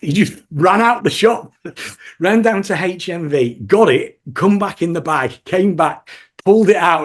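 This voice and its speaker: A man telling casual stories in an interview, full of laughs and restarts, acting out quoted customers. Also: a little high. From England. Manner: animated anecdotes with laughs and restarts. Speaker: guest, DJ and record shop worker.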